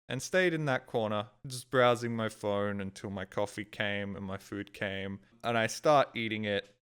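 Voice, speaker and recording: A man's voice: on the low side, a bit bright, clean tone. A young man telling a story as a live streamer, casual and exasperated, swearing often as he rants. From Australia.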